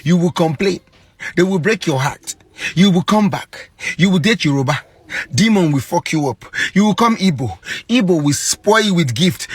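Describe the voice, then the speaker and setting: A man from Nigeria teases playfully, repeating his phrases in a husky, fairly high voice. The sound is dry, with little room echo. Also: animated, normal speed. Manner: teasing, repetitive, playful. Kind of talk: social media clip.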